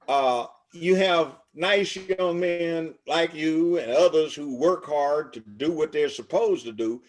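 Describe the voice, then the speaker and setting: An older man from Los Angeles speaks as an interview guest, preachy and emphatic, stacking up long lists. His voice sits somewhat high for a man. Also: darkish tone. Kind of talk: casual interview talk.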